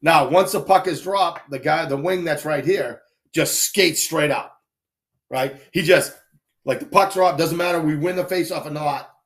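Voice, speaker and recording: A man casually telling animated anecdotes on a live stream, acting out quick voices as he goes. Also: fairly high pitch. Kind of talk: casual storytelling.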